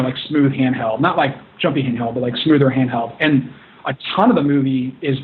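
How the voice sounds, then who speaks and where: A man speaks in an earnest, rambling way, often restarting his sentences as he explains his work as a film director. His voice sits in an ordinary middle pitch. The sound is thin and phone-like, with the full range of the voice cut away. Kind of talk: casual interview. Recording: tinny phone-like line.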